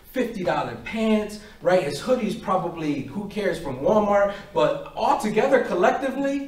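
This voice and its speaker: A man giving a faith talk to a parish group, telling stories and acting out each voice in them. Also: sits high. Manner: animated, acts out both sides of stories. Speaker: parish speaker. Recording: echoey hall, far from mic.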